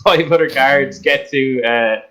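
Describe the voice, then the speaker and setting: A man's voice: medium pitch, unhurried, a bit bright, poor audio. A man narrating as game master in a rambling, hesitant way with many fillers.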